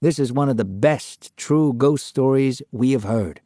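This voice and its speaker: An older man narrating a true ghost story in a slow, measured way. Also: medium pitch, warm tone, no room sound, studio quality.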